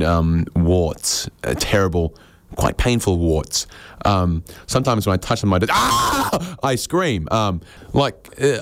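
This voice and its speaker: A man doing a rambling, deadpan, self-deprecating stand-up monologue on radio. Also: low-pitched, no room sound. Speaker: comedian.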